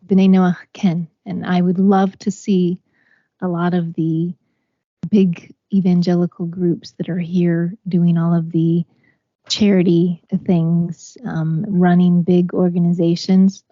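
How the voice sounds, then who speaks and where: A woman from Texas, USA, speaks on the low side in a level tone, a little slowly, in a dry recording with cut-off highs. As an organization founder guesting in a conversational interview, she talks earnestly with frequent fillers and restarts.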